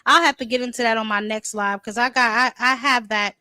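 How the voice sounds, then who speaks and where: A woman's voice: a little high, steady tone, brisk, pushed and bright, dry recording. A woman hosting a boxing livestream, ranting in exasperation and calling her viewers baby and honey. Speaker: livestream host. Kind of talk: heated casual livestream chat.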